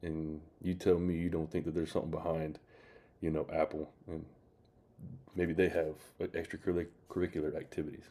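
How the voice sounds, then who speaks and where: A man's voice: very deep voice, little pitch movement, normal speed, mellow, a little hiss or hum. A man hosting his channel, rambling in casual commentary with many fillers. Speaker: channel host reacting to clips.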